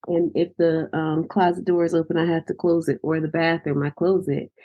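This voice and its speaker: A woman's voice: low voice, flat delivery, fairly quick. A woman hosting a podcast, affirming and chatty with her guest. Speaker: podcast host. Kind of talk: podcast interview. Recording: dull lo-fi audio.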